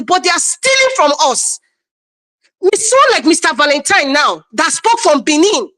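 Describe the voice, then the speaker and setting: A Nigerian woman giving emotional, forceful political commentary, full of rhetorical questions and repetition. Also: high-pitched, no room sound. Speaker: panel commentator.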